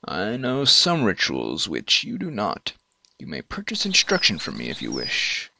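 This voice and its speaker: A man voicing a weary old druid, speaking slowly and solemnly in a put-on accent, sinking to hushed whispers. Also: fairly low pitch, wildly swooping pitch, gravelly, a little hiss or hum, exaggerated voice. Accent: put-on foreign accent, not his own. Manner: slow, solemn delivery with hushed, whispered drops.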